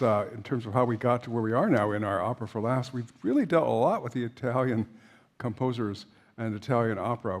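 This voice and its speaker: A man's voice: on the low side, darkish tone. An older man giving an informal opera lecture to a class, chatty and anecdotal, with frequent fillers and restarts.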